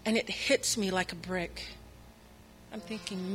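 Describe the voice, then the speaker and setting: A woman's voice: medium pitch, fairly even intonation, measured pace, long pauses, a little hiss or hum. A woman telling a personal faith testimony in an earnest, emotional way, acting out the voices of people she quotes. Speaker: speaker sharing her testimony.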